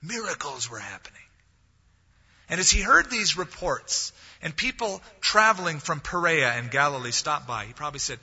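A man's voice: on the high side, sing-song, normal speed, pushed and bright, slightly rough. A man preaching a sermon as pastor, telling a story and acting out the voices of the people in it. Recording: dull lo-fi audio, long hall reverb.

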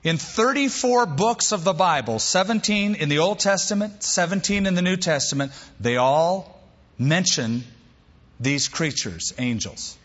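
A man's voice: expressive, measured pace, a bit bright. Male pastor, emphatic sermon delivery, muffled lo-fi recording with long reverb. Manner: emphatic, varies pace and pitch for stress. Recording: long hall reverb, dull lo-fi sound.

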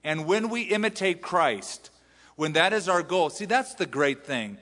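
A man's voice: high-pitched, animated, unhurried, fairly bright tone, big-room sound. A man from the US West Coast with an American accent, preaching a sermon in a conversational, self-deprecating way. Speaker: pastor. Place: large church hall.

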